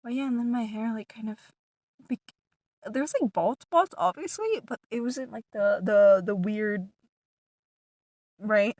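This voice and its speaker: In a dry recording, a female vlogger with a slightly high voice speaks slowly, leaving long pauses. She rambles through a lengthy story for her audience, restarting often, saying "like" constantly, and animatedly lowering certain words to a whisper.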